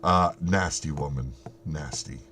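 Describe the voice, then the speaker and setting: A deep-voiced, middle-aged man hosting a live stream. He chats casually, swears freely and breaks into laughter often. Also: measured pace.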